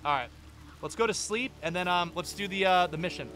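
A man's voice: sits high, brisk, fairly bright tone. A young man streaming a game, giving casual, chatty and joking commentary.

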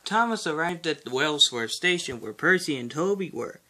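A man's voice: a little high, animated, normal speed, sharp tone. Man narrating a homemade engine story. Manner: amateur, reading plainly with slips.

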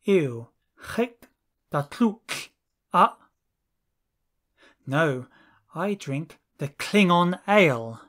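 A language teacher reading lesson drills, saying each phrase slowly and deliberately, one at a time. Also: mid-range voice, animated, fairly bright tone.

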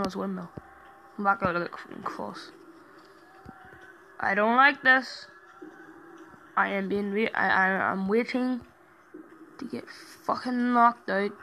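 Gravelly, foul-mouthed young man gaming. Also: high voice, bright, forceful tone, slight background noise, rough recording. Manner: heavy swearing, rambling, easily startled into yelps. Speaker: gaming channel host. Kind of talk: horror game let's-play commentary.

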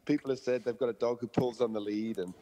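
A man's voice: medium pitch, fairly even intonation, quick pace, warm tone, big-room sound, a little hiss or hum. A man, a dog trainer being interviewed, who explains through stories and analogies and acts out the people he quotes. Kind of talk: interview conversation.

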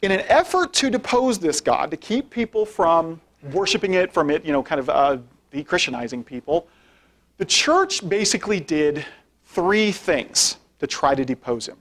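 A man's voice: on the high side, animated, normal speed, fairly bright tone. A man giving an informal lecture with slides as a guest speaker. He talks conversationally, often tags sentences with "right?" and asks for the next slide as he goes. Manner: conversational, frequent tag questions; directs slide changes while speaking. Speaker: guest speaker, philosophy professor.

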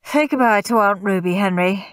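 A woman's voice: medium pitch, moderate pace, fairly bright tone, dry recording, natural voice. A woman voicing a stern, tired mother who scolds her sons.

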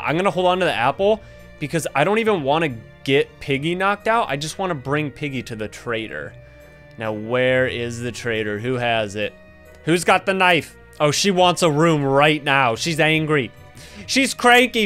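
A man giving casual gameplay commentary as a gaming host, excitable and playful, laughing and trash-talking often. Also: a little high.

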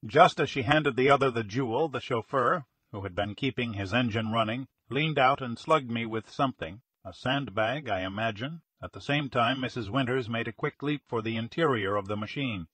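A man's voice: mid-range voice, normal speed, hardly any pauses, a bit bright, breathy edge, no room sound. A man reading as an earnest young salesman. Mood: recounting. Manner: earnest, insistent, formal. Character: earnest young male jewelry salesman, shaken. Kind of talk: audiobook character reading.

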